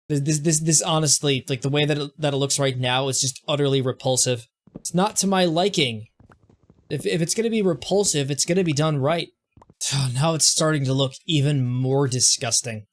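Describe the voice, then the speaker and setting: A young man talks through his game in a casual, self-mocking way, often stammering and restarting his sentences. His voice sits a little higher than most men's. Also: moderate pace. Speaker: gaming streamer. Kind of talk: casual gameplay commentary.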